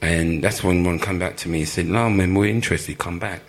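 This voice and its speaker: A former footballer telling lively stories in an interview, laughing often and acting out the people he quotes. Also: low-pitched, a little fast. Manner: animated storyteller, laughs often, acts out quoted voices. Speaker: former professional footballer, guest. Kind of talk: live storytelling interview.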